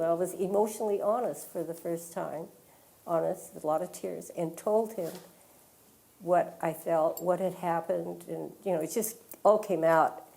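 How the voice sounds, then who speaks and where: Older woman with a low, gravelly voice. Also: warm tone. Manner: conversational, quotes others in dialogue, many fillers. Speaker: author. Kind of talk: storytelling at a public talk. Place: public library, in front of an audience.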